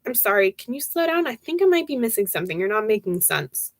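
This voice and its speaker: A woman voicing a calm, patient young man on the phone while reading a horror novel aloud. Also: on the high side, fast talker, no echo, studio quality. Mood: puzzled.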